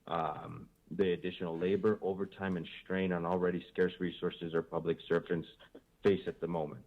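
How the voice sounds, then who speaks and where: A man reads a prepared statement in a measured, steady way. His voice is very deep, and it comes through a dull, muffled line. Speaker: public commenter. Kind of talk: prepared public comment.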